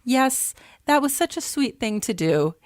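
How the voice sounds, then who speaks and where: A woman's voice: sits high, sing-song, a little slow, dry recording, studio quality. A woman co-hosting a podcast in casual chat, telling a story and laughing along. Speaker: podcast co-host.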